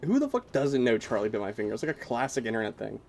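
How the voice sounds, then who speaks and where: A man's voice: mid-range voice, very animated, fast talker, vocal fry. A man streaming a game, bantering casually, swearing often and laughing at his own jokes.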